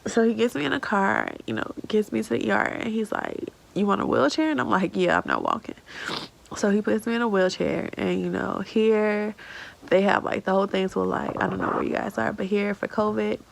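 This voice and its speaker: A woman's voice: medium pitch, sing-song, fairly quick, gravelly, a little hiss or hum, poor audio. A woman in her thirties telling a personal story in a casual vlog, tearful and rambling with many fillers. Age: 30s. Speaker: vlogger.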